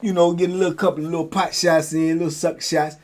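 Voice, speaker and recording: A middle-aged man telling a prison story in casual talk. He acts out the guards and himself in loud high bursts and drops low and quiet for asides. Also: flat delivery, fast talker. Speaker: storyteller host.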